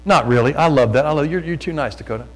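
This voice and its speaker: Loud folksy preacher man, slightly high. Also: quick pace, low-quality recording. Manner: loud, folksy storytelling with repeated phrases. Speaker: pastor. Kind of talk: sermon.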